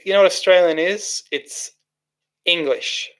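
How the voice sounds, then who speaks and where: A man's voice: on the high side, moderate pace, a bit bright. A man hosting a casual livestream, reading out chat comments and rambling with many restarts and fillers.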